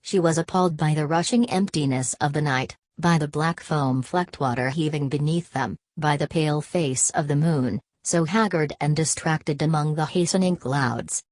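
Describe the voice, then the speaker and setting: Woman audiobook narrator, low voice, dry close sound, steady scripted narration. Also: moderate pace, hardly any pauses, no room sound.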